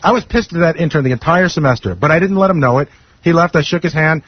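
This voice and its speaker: Fast-talking, earnest man on radio. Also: on the high side. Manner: earnest, rapid. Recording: dull lo-fi radio broadcast.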